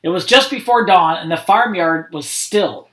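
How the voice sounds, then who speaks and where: Speaking at a normal speed, this man has a voice that sits high and sounds fairly bright. He's a school principal reading picture books to students over the internet, filling the gaps between passages with friendly, chatty remarks.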